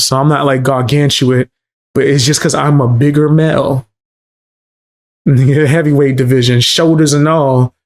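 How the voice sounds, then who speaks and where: Speaking in a darkish, mid-range voice, this man from the Bronx chats casually on a live stream in a New York accent. His storytelling is loose and profane, laced with street slang.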